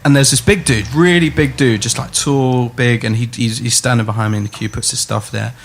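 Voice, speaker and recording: A man's voice: medium pitch, fairly even intonation, a little fast, gravelly, slight background noise. Rambling, laughing male podcast host. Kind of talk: casual chat and anecdote.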